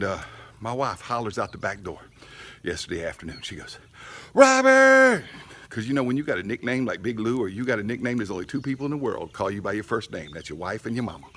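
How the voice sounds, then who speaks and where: A man's voice: lowish voice, lively intonation, fast, fairly bright tone, husky. A middle-aged man, telling a rambling story casually in his barbecue vlog, outdoors by his smoker. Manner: folksy, rambling, chatty storyteller. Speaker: barbecue channel host.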